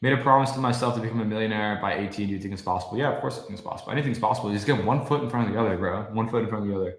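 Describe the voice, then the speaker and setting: A man's voice: on the low side, racing, hardly any pauses. A young man livestreaming, ranting casually and profanely while answering his chat. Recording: echoey room.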